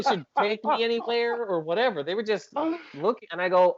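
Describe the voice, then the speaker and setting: Guy on a podcast, animated, self-mocking, high voice, dull muffled audio. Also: a little fast, heavy background noise. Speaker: podcast guest. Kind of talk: casual chat, storytelling.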